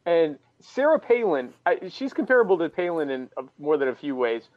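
A man co-hosting a casual political podcast, talking in a mocking way and pushing his voice high for effect. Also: very animated, a little fast, no echo, dull audio. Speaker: co-host.

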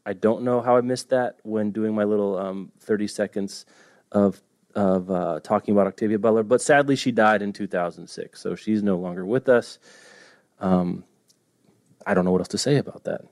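A man's voice: fairly low pitch, moderate pace, a little mellow, no echo, studio quality. A man co-hosting a podcast about books, chatting casually and joking at his own stumbles over names. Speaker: podcast co-host. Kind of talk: casual chat.

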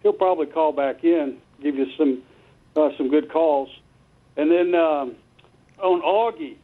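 High-voiced male caller on phone. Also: unhurried. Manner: casual, hesitant with fillers. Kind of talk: phone-in call. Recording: tinny phone line.

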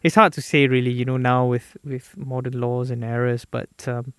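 Male podcast co-host, mid-pitched, agreeable, pauses often, dry sound. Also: flat delivery, smooth, no room sound. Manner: hesitant, many ums, agreeable. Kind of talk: casual podcast chat.

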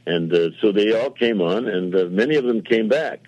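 A man's voice: lowish voice, expressive, moderate pace, a little mellow. An older man, a television producer, telling long rambling anecdotes in a casual interview with quoted dialogue and self-mocking asides. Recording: dull lo-fi radio audio.

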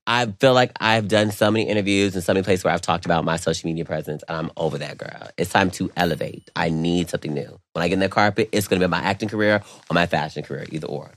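A man co-hosting a podcast in casual chat, dramatic and full of sudden high squeals. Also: steady tone, fast, hardly any pauses, no room sound. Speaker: podcast co-host.

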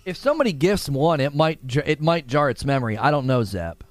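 A young man doing casual livestream commentary on games, animated and exasperated. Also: fairly high pitch, dry recording, soft background music. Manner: animated, exasperated, quick retorts. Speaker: gaming streamer.

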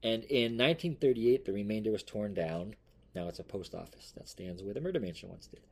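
A man's voice: lowish voice, expressive, a little fast, vocal fry, a little mellow, breathy edge. A man hosting a casual true-crime podcast, reading from notes loosely, swearing offhandedly and laughing often. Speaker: podcast host. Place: home room with a noisy cat.

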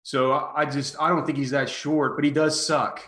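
A man hosting a casual sports podcast, talking in a halting way with many restarts. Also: a little high, flat delivery, a bit bright, reverberant. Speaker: podcast host.

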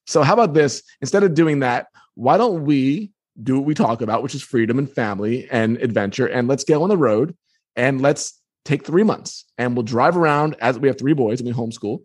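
A man, an author being interviewed, telling a story with energy and quoting others in lively voices. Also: mid-range voice, brisk, slightly rough. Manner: quotes others in lively put-on tones. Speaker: author and guest. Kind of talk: animated storytelling.

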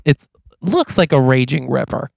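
A man's voice: medium pitch, vocal fry, no echo. A man co-hosting a podcast, animatedly narrating an improvised comic movie plot. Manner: animated, acts out lines, quick asides. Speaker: podcast co-host.

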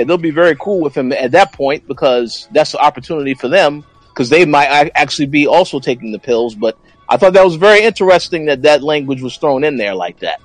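A man's voice: fairly high pitch, no echo, rough recording. A man co-hosting a casual TV recap podcast, breaking down scenes with frequent stammering restarts. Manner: stammering restarts, animated analysis. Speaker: podcast co-host.

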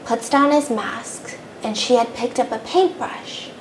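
A woman hosting a podcast, casually retelling a story in an animated way, swearing freely and acting out the characters' quotes. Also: on the high side, a little slow. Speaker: podcast host. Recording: roomy echo with faint noise.

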